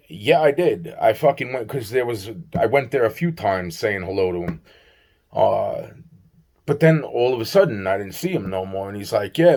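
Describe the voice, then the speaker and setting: A medium-pitched, slightly mellow male voice tells a rambling personal storytime about a strange encounter. As a vlogger, he curses, acts out both sides of the dialogue, and repeats himself often.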